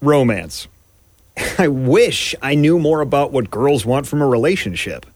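Man as puzzled young guy in an ad, wry, musing, lively pitch. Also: a little slow, dry recording.

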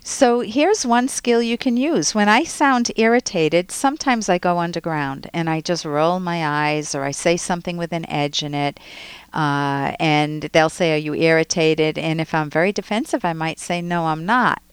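A woman's voice: fairly low pitch, moderate pace, smooth, no echo. A woman hosting a call-in advice show as a psychologist, coaching a caller with probing questions. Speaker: radio psychologist host.

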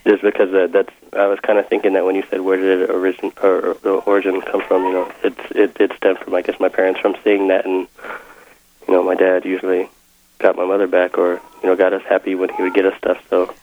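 A young man calls in to a radio advice show, speaking hesitantly with frequent ums and restarts. His voice is very low and flat, heard over a tinny, dry phone line. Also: fast talker. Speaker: caller.

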